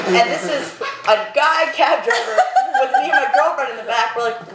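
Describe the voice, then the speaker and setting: A young woman telling a lively anecdote on a casual podcast. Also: fairly high pitch, moderate pace. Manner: animated anecdote teller. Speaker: podcast segment presenter. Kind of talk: casual storytelling. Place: apartment room. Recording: echoey room, faint noise.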